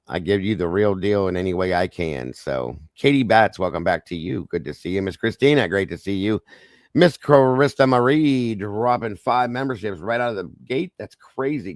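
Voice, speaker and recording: A hoarse man hosting a true-crime livestream, greeting viewers by name and ranting angrily with plenty of swearing. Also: deep voice, no echo, clean studio sound. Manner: angry, ranting, swears freely. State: hoarse, losing his voice. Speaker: livestream host.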